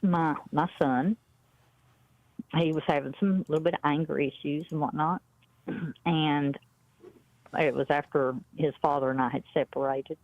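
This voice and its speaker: A woman's voice: low voice, steady tone, a little slow, long pauses, a little mellow, no echo. A woman, calling in and telling a story bluntly in casual chat. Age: 50s. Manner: blunt storytelling, quoting others. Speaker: caller. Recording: muffled dry phone-in audio.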